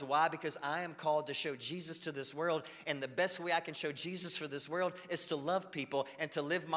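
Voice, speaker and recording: Male pastor, slightly high voice, storytelling sermon, emphatic build-ups, long church-hall reverb. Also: fairly quick, hardly any pauses, fairly bright tone. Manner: storytelling, rising to emphatic peaks, frequent "Amen?".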